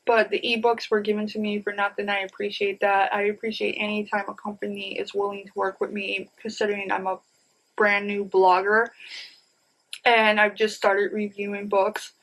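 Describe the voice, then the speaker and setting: A woman's voice: mid-range voice, level tone, normal speed, a bit bright, poor audio. A woman in her thirties chatting casually to viewers about her new books, rambling and enthusiastic, often saying "you guys.". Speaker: book vlogger. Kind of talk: casual book haul chat.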